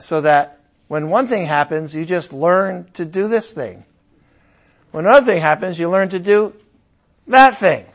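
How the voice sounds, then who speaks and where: A middle-aged pastor gives a sermon in a voice a touch higher than most men's. He speaks loosely and conversationally, then raises his voice in loud, emphatic bursts.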